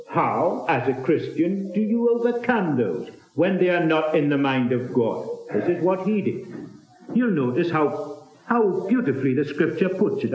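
A man delivers a sermon in a fairly high voice that swings widely up and down. He stresses his points by repeating key phrases. The recording sounds roomy and dull, like an old lo-fi tape. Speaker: preacher.

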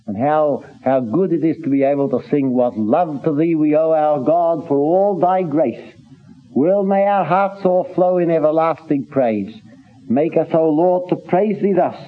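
A man preaching a sermon in an earnest, halting way, with many restarts, reading scripture in old-fashioned phrasing. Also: fairly high pitch. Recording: tinny phone-like recording.

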